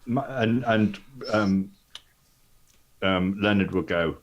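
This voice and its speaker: A man plays a tabletop game and describes what his character does. He talks haltingly, with restarts. His voice sits on the low side. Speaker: player.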